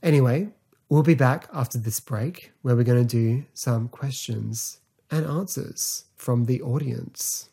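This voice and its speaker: A man's voice: mid-range voice, unhurried, creaky, dark tone, slightly rough. A man hosting a podcast, chatting in a loose, rambling way about a TV show, full of fillers. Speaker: podcast host. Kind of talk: casual podcast review.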